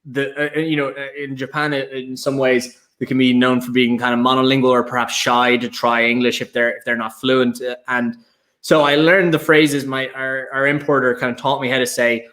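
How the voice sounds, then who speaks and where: A man's voice: medium pitch, level tone, a little fast, a bit bright. Irish man telling rambling stories. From Ireland. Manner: rambling storyteller, many fillers and restarts, self-mocking laughs. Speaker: whiskey brand ambassador, panelist. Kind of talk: casual anecdotal chat.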